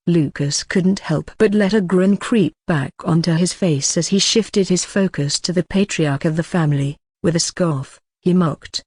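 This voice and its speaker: A synthetic-sounding narrator giving an even, unhurried scripted reading of a web novel. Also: mid-range voice, no room sound. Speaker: audiobook narrator.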